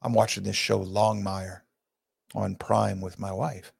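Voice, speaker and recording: Gravelly man preaching. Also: flat delivery, measured pace. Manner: folksy, preachy and emphatic, with big pitch swings. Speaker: host. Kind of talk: opinion talk show monologue.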